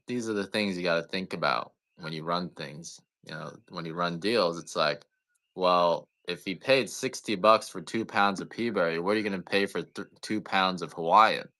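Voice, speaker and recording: Selling coffee on a live stream, a man chats casually, rambling, joking and swearing now and then. He has a low voice with a sharp tone and speaks at a normal speed.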